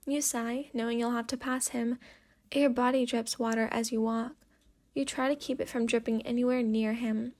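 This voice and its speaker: Woman, sleepy soft storyteller, slightly high voice, whispered role-play, second-person narration. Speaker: fanfic reader.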